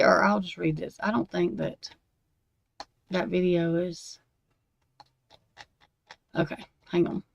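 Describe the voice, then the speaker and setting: A woman's voice: fairly low pitch, steady tone, slow pace, creaky, long pauses, husky, no echo. Fired-up woman ranting, dry close mic. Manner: profane, fired up, talks straight to viewers. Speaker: true crime livestream host. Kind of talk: angry unscripted rant to viewers.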